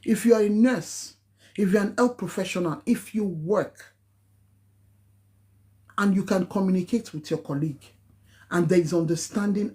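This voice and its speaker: A woman with a Nigerian accent, a nurse giving an impassioned live-stream talk in an emphatic, preachy manner. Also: dark tone. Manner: emphatic, preachy, rising to high exclamations.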